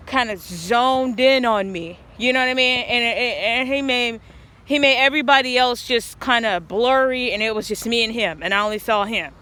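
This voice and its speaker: A vlogger speaks outdoors in a fairly high, sharp-toned voice, earnestly working through a long personal story. She rambles and often breaks off to start her sentences over.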